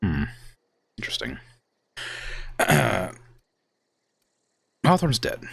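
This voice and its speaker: Deep-voiced male game streamer. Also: wildly swooping pitch, very slow, creaky, a bit bright, slightly rough, no room sound. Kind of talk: casual live-stream commentary.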